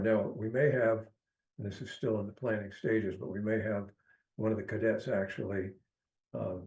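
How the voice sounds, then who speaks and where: A man speaking up at a town meeting from a remote link, his voice sitting a bit low. He talks haltingly, full of fillers and restarts. The audio is quiet and echoey. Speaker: resident giving public comment. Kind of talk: remote public comment. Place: joined remotely by video call.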